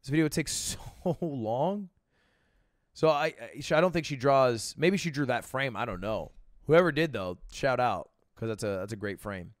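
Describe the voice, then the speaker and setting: Animated young man with a lively voice. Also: mid-range voice, normal speed, no room sound, studio quality. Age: 20s. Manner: animated, laughing, filler-heavy rambling. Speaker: streamer reacting to a video. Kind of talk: casual reaction commentary.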